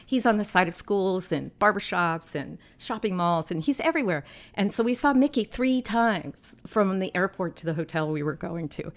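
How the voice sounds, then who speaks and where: A woman in her sixties, a filmmaker and activist talking as a guest in a casual interview, telling lively anecdotes. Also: lowish voice. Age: 60s. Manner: lively storyteller, animated anecdotes.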